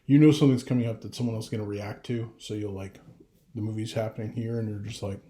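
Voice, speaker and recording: A man's voice: lowish voice, steady tone, fast, warm tone, roomy sound. A middle-aged father talking casually to camera, rambling with restarts and getting emotional. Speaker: vlogger.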